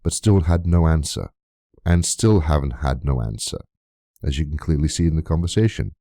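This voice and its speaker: A low-voiced man talks straight to camera in an indignant vlog rant, reading out messages and firing off rhetorical questions. His tone is dark and mellow, and the sound is dry and close with no room around it. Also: normal speed, no echo. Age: adult, long friendship of nearly twenty years. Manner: indignant, rhetorical, swears freely. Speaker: YouTuber.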